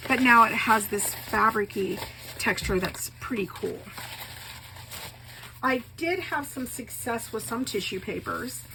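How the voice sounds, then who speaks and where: A woman with a slightly raised pitch excitedly shows her craft work in a home video, repeating how wonderful and fantastic it all is. She is a bit choked up and coughs now and then. A steady hum of background noise sits under her voice. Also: a little slow. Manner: enthusiastic, gushing, repeats praise words. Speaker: craft vlogger, bookbinder. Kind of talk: casual show-and-tell.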